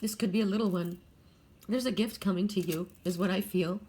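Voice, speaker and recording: A woman's voice: medium pitch, fairly even intonation, fairly quick, a little mellow, breathy edge. An older woman giving a casual spoken oracle card reading, earnest and spiritual, talking straight to viewers with frequent restarts and self-corrections.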